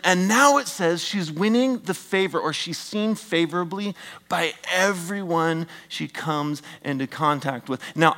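A middle-aged male pastor preaching a sermon, animated and joking with the congregation, swinging from loud emphatic bursts down to hushed near-whispers. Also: a little high.

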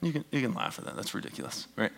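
A middle-aged pastor delivering a sermon in a somewhat high voice. He is animated, drops his voice to near-whispers for effect and throws in joking asides to the congregation. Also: very fast, gravelly. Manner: animated, swings from loud emphatic bursts to hushed near-whispers.

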